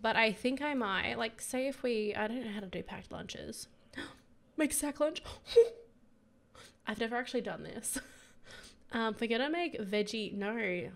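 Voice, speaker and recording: A young woman with a croaky voice giving bubbly, giggly casual commentary on her life-sim gameplay. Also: on the high side, normal speed, a bit bright. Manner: bubbly and giggly, gushing over her characters. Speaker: gaming YouTuber.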